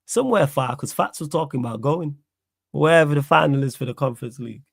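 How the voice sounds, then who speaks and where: A young Mancunian man with a gravelly, creaky edge to his voice, chatting casually about football in a loose, slangy way. His voice is close and dry, with no room sound around it. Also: a little high, fast talker, no echo. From Manchester, England. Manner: laid-back, laughs often, slangy. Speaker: podcast host.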